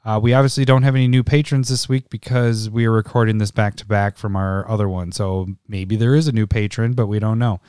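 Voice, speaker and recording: A man co-hosting a podcast, chatting loosely and laughing between thoughts. His voice is smooth and clear, recorded close and dry with no room sound. He has had a couple of beers. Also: lowish voice, steady tone, brisk, few pauses, a little mellow, no room sound. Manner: laughs often, rambling and self-deprecating. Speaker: podcast co-host. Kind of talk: casual chat.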